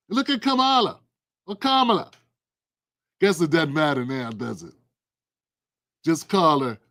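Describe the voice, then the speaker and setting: A man with a high-pitched, slightly bright voice hosts a political commentary livestream. He's casual, colloquial and sarcastic, addressing his viewers directly.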